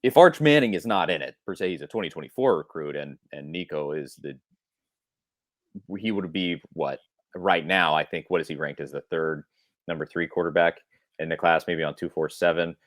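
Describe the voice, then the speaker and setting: A man's voice: low voice, moderate pace, dry recording, studio quality. A man co-hosting a sports podcast, talking casually and thinking aloud with frequent restarts. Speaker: podcast co-host.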